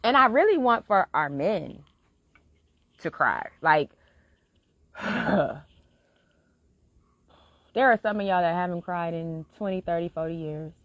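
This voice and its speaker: A woman's voice: on the low side, lively intonation, slow, pauses often, no echo. A woman talking frankly and earnestly in a live-stream monologue, swearing freely as she urges listeners. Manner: earnest, heartfelt encouragement. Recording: dull lo-fi, dry sound.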